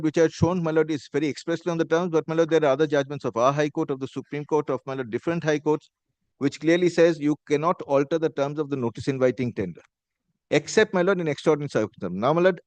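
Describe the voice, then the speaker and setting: Indian lawyer guy arguing in court, rapid and a bit high, keeps saying my lord, dry sound. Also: no echo. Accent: Indian English. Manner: formal, repeats "my lord" constantly. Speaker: advocate arguing before a judge. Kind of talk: courtroom legal argument.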